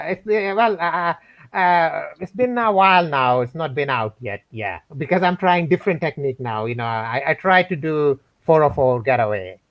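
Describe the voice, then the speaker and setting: A man's voice: on the high side, no room sound. A male guest talking hesitantly, with many fillers, over a remote call. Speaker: guest scam baiter. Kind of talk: casual interview chat. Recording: dull dry remote call.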